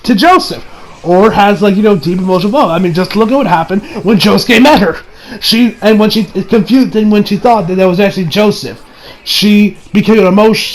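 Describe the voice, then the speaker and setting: Brief: high-voiced young male reviewer, rambling recap, bursts into loud acted-out lines. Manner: rambling, excitable, acts out quotes with sudden shouts. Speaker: anime reviewer. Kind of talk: casual episode recap and review.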